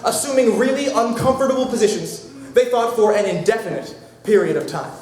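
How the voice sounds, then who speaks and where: A young man narrating a comic story to a live audience, mock-grand and theatrical, with sudden shouted lines. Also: high-pitched, expressive, fairly quick, background noise. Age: young adult. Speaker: narrator of an a cappella comedy skit. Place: performance hall. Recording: roomy hall from far off, crowd.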